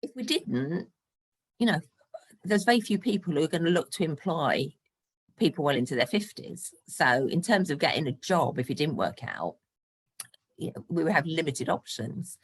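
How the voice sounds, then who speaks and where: A woman in her sixties, a property investor, is a guest on a podcast interview, talking in a chatty, frank manner and laughing between points. Her voice is deep and animated with a breathy edge, at normal speed.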